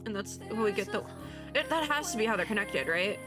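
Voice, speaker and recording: A woman giving casual, excitable reaction commentary as a VTuber, chatty and gushing. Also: medium pitch, fairly quick. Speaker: VTuber reacting to an animated short. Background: faint music from the video.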